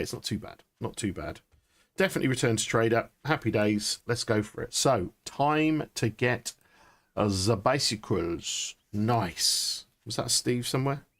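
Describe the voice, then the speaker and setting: Excitable man streaming gameplay. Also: medium pitch. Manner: chatty, excitable, thinking aloud. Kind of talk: live gameplay commentary.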